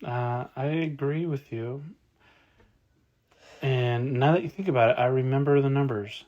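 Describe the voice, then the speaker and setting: A man co-hosting a podcast in casual chat, joking, rambling and quick to apologize. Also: medium pitch, warm tone, dull audio. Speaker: podcast co-host.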